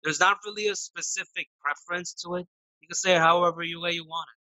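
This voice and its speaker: A man answers interview questions, his voice bright and a little high. He talks haltingly, filling pauses and restarting sentences. The recording is dry and close. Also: steady tone, dry recording, rough recording. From United States. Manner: halting, many restarts and fillers. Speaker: interview guest.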